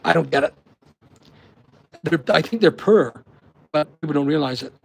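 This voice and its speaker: A middle-aged man with a Northern Irish accent hosts a casual live stream from his holiday lodging. He rambles from topic to topic and stops to reply to viewers' comments. His speaking voice sits slightly high for a man. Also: animated, moderate pace, vocal fry, breathy edge, poor audio. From Northern Ireland. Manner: rambling, chatty, talks back to viewers' comments. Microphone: laptop or phone on a weak connection.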